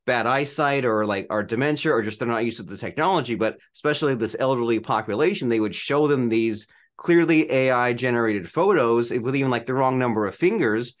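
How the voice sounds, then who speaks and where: A man's voice: mid-range voice, fairly quick, few pauses. Chatty male podcast host full of "like"s. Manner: filler-heavy, says "like" constantly. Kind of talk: casual interview chat.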